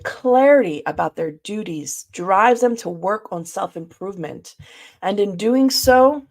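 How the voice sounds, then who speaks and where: A woman presenting a reflective spiritual study talk, speaking in a measured way and addressing her listeners directly. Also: on the low side, gravelly, darkish tone.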